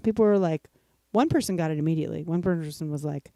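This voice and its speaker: A woman's voice: deep voice, quick pace, creaky, mellow, no room sound. Chatty New woman hosting a stream. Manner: chatty, joking, addresses viewers directly. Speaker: host of a live music stream. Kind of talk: casual chat between songs.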